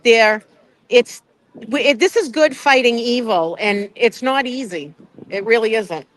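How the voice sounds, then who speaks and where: A middle-aged woman hosting a livestream outdoors, animated and swearing constantly. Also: fairly high pitch, measured pace, poor audio. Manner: animated, heavy swearing, wound up on coffee. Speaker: livestream host. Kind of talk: casual livestream chat. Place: outdoors in cold wind.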